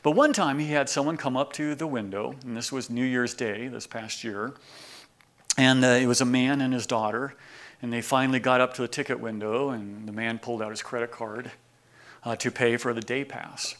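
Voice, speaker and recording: A man in his forties delivers a sermon and tells a story. His voice has a gravelly, fry-tinged edge at a middle pitch. He slides from low, hushed asides into loud, emphatic declarations. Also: steady tone, normal speed. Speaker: pastor.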